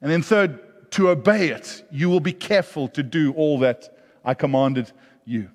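A middle-aged man preaching a sermon, animated, rising loud and then dropping soft. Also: fairly high pitch, a little slow. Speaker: pastor. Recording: long hall reverb.

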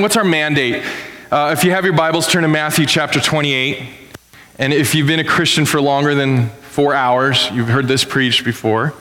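A male pastor giving a conversational sermon, telling stories and sometimes jumping up sharply in pitch. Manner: conversational storytelling, animated with sudden pitch jumps. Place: church. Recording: long reverb of a church hall.

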